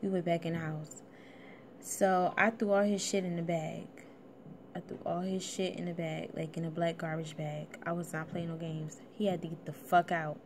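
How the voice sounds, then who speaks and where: A woman's voice: lowish voice, level tone, normal speed, slight background noise. A young woman, a little out of breath, telling a casual personal story in a blunt, swearing vlog style. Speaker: vlogger.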